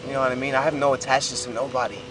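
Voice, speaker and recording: Young man, halting emotional testimony. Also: mid-range voice, flat delivery. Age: 20s. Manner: halting, repeats himself, voice breaking with emotion. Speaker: documentary subject.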